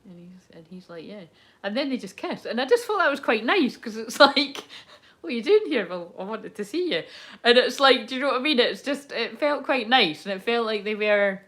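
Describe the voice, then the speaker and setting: A woman's voice: fairly high pitch, big pitch swings, brisk, a bit bright. A young adult woman, chatting casually through a tarot reading, rambling and swearing freely as she laughs along. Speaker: tarot reader. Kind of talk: casual live tarot chat.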